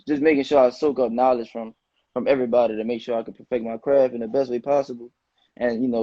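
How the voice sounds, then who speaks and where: A young man in his late teens, a high school football player, answering interview questions in a relaxed, slangy way. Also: dry recording. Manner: relaxed, loose slangy phrasing with many "you know"s. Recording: dull, muffled dry sound.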